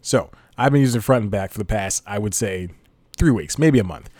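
A man's voice: fairly low pitch, lively intonation, a little fast, darkish tone, no room sound. A man hosting a casual solo podcast, rambling and laughing at his own jokes. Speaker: podcast host.

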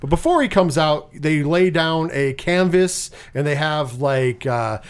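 Guy with a kinda high voice rambling through a movie plot, swears a lot, does the lines. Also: expressive, a little slow, clean tone. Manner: rambling, swears freely, acts out quotes. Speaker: podcast co-host. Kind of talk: casual movie recap chat.

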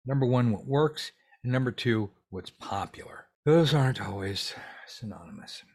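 A man teaching a live tarot workshop, answering viewer questions in an animated, casual way with jokey asides and some swearing. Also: mid-range voice, normal speed, creaky, husky.

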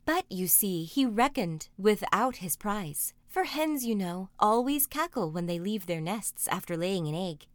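A woman reading a fairy tale aloud, expressive and dramatic. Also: mid-range voice, unhurried, few pauses, dry recording. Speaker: storyteller. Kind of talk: storybook reading.

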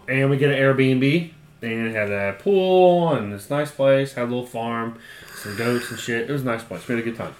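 A man's voice: mid-range voice, reverberant, slight background noise. A man with an Ohio accent, a podcast co-host telling a long story in casual, profane chat and laughing often.

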